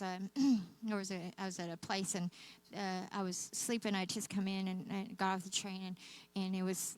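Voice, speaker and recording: A woman's voice: a little high, creaky, low-quality recording. A woman giving an earnest testimony to a church as a guest speaker, telling stories and calling the crowd y'all.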